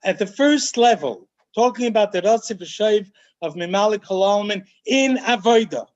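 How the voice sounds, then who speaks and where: A rabbi with a fairly high-pitched voice gives a Torah study lecture, animated and emphatic. He slows down to lean on key phrases and mixes in Hebrew and Yiddish terms as he explains. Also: highs cut off. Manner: animated, emphatic teaching, often slowing to stress key phrases. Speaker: rabbi teaching a class.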